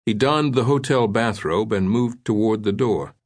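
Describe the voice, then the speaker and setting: A man narrating an audiobook thriller in a measured, suspenseful way. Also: fairly low pitch, darkish tone.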